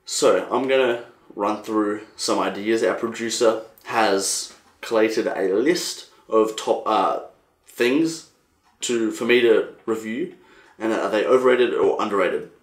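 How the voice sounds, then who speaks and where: A young Australian man hosting a casual solo podcast, rambling and animated, swearing freely. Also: fairly low pitch, takes it slowly, reverberant. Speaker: podcast host.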